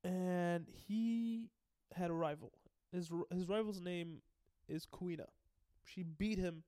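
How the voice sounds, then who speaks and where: Excitable high-voiced man recapping anime. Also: slow pace, smooth, dry recording, clean studio sound. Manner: excitable, profane, laughs often; rambling with many restarts and fillers. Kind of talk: casual anime episode recap.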